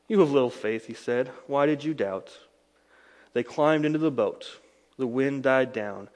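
Dramatic preacher in a reverberant hall. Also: male voice, mid-range voice. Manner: dramatic storytelling, swings between loud emphasis and hushed lines. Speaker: pastor. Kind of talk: sermon.

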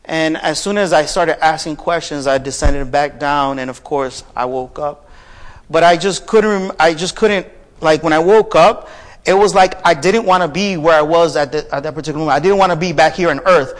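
A man preaching a sermon, telling a personal story softly and then rising into fervent preaching. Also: a little high, moderate pace. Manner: builds from soft storytelling to raised, fervent preaching.

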